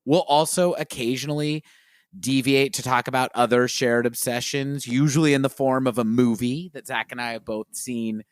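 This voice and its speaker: A man co-hosting a podcast, introducing the new season in an earnest, lively way. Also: medium pitch, normal speed, smooth, no room sound, clean studio sound. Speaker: podcast co-host. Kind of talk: casual podcast chat.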